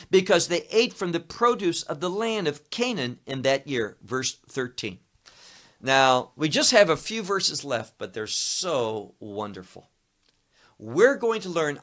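A man preaching a sermon, teaching slowly and emphatically through a scripture passage, repeating key words and phrases. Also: a little high, fairly bright tone. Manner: slow, emphatic teaching with Hebrew terms.

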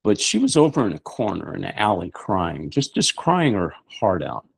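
A man's voice: deep voice, big pitch swings, normal speed, vocal fry, breathy edge, dry recording. A middle-aged man hosting a show, preaching emphatically with rhetorical questions. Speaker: show host. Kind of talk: preaching talk-show monologue.

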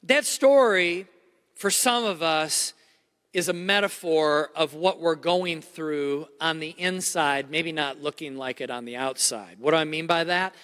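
Middle-aged male pastor, emphatic storyteller; bright, forward tone in a reverberant hall. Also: on the high side, unhurried. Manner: animated, repetitive restarts, emphatic. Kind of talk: sermon storytelling.

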